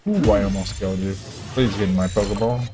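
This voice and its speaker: Excitable man narrating his gameplay. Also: lowish voice, fast, over loud music. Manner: excitable, talks to his creatures, yelps when chased. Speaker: gamer. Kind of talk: live gameplay commentary.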